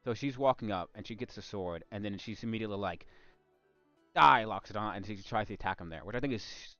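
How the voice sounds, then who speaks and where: A man's voice: on the low side, fast, no room sound, muffled recording, soft background music. A man streaming ranked matches in casual gaming chat, rambling and often trailing off and restarting mid-sentence.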